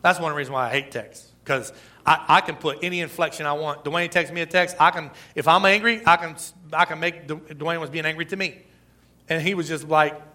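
A man preaching a sermon in a lively, conversational way, with asides, chuckles and emphatic peaks. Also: fairly high pitch, fairly quick. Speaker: pastor.

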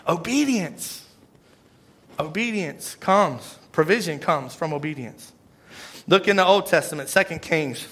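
A man preaching a sermon in a casual, conversational way, swinging between loud asides and hushed emphasis. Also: on the high side, lively intonation, normal speed. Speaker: pastor.

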